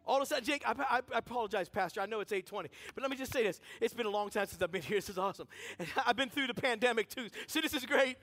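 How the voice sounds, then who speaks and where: A man with a notably high-pitched voice preaches from a church stage. He tells his story in an energetic, chatty way, slipping into the voices of the people he describes. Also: racing, few pauses, no room sound. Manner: energetic and conversational, acts out dialogue in the story. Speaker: guest speaker at a church service. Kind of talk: animated sermon storytelling. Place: church sanctuary.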